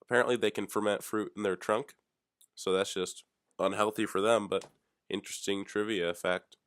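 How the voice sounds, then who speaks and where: A young man with a fairly low voice muses aloud on his own show in a loose, rambling way. His delivery is offhand and deadpan, with jokes thrown in. The sound is close and dry, with no room around it. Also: normal speed, dry recording. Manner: offhand, deadpan, jokey musings. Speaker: podcast host. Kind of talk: rambling solo chat.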